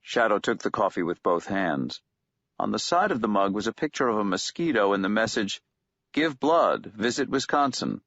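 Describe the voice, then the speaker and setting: Low-voiced male audiobook narrator. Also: sing-song, brisk, fairly bright tone, no echo. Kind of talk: scripted narration. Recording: dull lo-fi dry recording.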